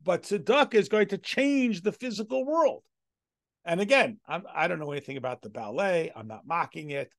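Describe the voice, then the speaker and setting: A man's voice: high-pitched, expressive, moderate pace, vocal fry, no echo, studio quality. A man teaching a Torah lesson as a rabbi, reading Hebrew text aloud and explaining it step by step with rhetorical questions. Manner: reads Hebrew text aloud then translates.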